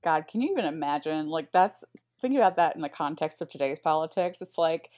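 A woman's voice: deep voice, expressive, a little fast, darkish tone. A woman co-hosting a podcast, reacting loosely with fillers and the odd swear. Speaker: podcast co-host. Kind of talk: casual podcast chat.

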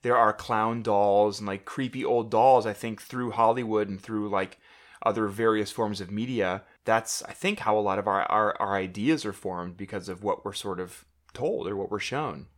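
A man's voice: lowish voice, fairly even intonation, moderate pace. A young man co-hosting a casual chat, rambling and joking with lots of fillers and restarts. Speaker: podcast co-host.

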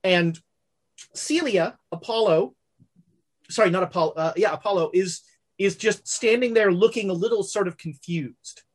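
A woman's voice: mid-range voice, normal speed. A woman narrating as game master of a tabletop game, rambling with fillers and corrections.

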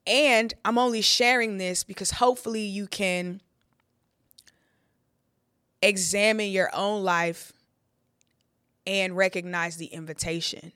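A woman's voice: medium pitch, steady tone, slow, long pauses, a bit bright, no room sound, studio quality. A young woman, a preacher, talking through her testimony on a podcast in a candid, heartfelt way, with a lot of "like" fillers. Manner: conversational, heartfelt, with frequent "like" fillers.

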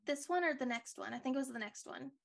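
Woman, podcast co-host, gravelly voice, slightly high, rambling casual chat. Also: animated, quick pace, a bit bright. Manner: chatty, rambling, frequent likes and restarts.

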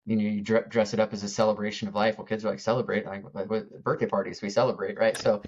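A man shares his thoughts in a relaxed, easygoing podcast chat. His voice is somewhat low, and the recording sounds a little muffled and lo-fi. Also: fast. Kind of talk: casual chat.

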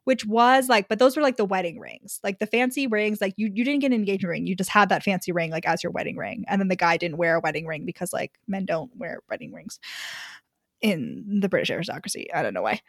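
A young woman co-hosts a casual book podcast, talking in a loose, filler-heavy way and swearing freely. She acts out quotes as she goes. Her voice sits at a middle pitch and sounds dry and close. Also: lively intonation, fast talker, no echo. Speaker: podcast co-host.

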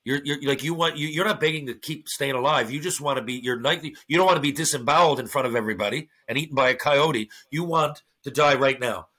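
Bright-voiced man telling stories. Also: medium pitch, fast talker, few pauses. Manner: animated storyteller acting out others' lines, swears freely. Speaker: podcast guest, former hockey player turned actor. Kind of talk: casual storytelling interview.

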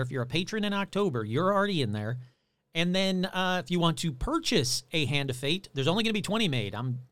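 A man hosting his own podcast in a chatty, rambling way, reading out shout-outs and plugs. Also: on the high side, dry recording. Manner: chatty, rambling, animated delivery. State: losing his voice. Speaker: podcast host. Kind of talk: casual podcast chat.

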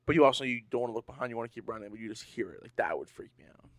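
A man co-hosting a casual podcast, talking excitedly and stammering a little as he gets spooked. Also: medium pitch, rapid-fire, no room sound. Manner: excitable, easily spooked, stammers when nervous. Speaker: podcast co-host. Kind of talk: casual chat.

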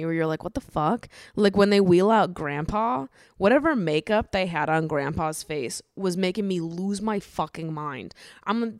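A woman with a fairly low, smooth and clear voice rambles through a casual solo podcast. She talks loosely and chattily, drops swear words freely and breaks into laughter often. The sound is dry and close, with no room around it. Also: no room sound. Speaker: podcast host.

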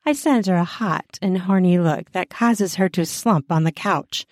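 A woman's voice: on the low side, a little slow, dry recording, clean studio sound. A woman narrating a first-person adult romance audiobook in a playful, teasing way.

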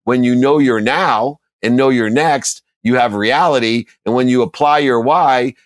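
A man's voice: medium pitch, a little slow, no room sound, studio quality. A middle-aged man, a business coach, telling motivational stories with an emphatic, preacher-like cadence. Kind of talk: motivational storytelling.

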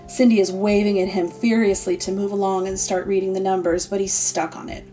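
A woman narrating a comedic story in a deadpan, sardonic way. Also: mid-range voice. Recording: distant mic, faint music.

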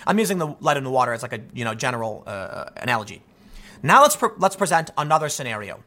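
Bright, fast-arguing male commentator. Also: medium pitch. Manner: animated, argumentative, with frequent restarts. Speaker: political commentator. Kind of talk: opinionated monologue commentary.

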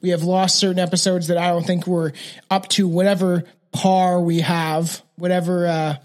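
A man's voice: sits high, level tone, moderate pace, a little mellow. A man hosting a true crime podcast, talking casually and rambling, with many restarts. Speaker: podcast host.

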